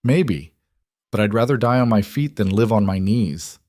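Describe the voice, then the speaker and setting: A grim, hardened frontier rancher who talks in terse, clipped lines, read by a man. His voice is low and dry, close to the mic. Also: lively intonation, moderate pace, a little mellow, dry recording, natural voice. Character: hardened grim male rancher, war veteran.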